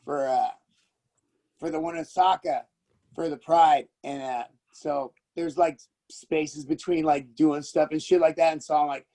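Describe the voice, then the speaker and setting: A man's voice: fairly high pitch, takes it slowly, vocal fry, long pauses, mellow. A man co-hosting a casual chat, telling an enthusiastic, profane story. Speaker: podcast co-host.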